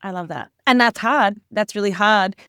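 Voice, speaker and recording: A woman host, asking long, gently rambling questions and affirming her guest. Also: medium pitch, moderate pace, clean tone, no echo, studio quality. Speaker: podcast host. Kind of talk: interview conversation.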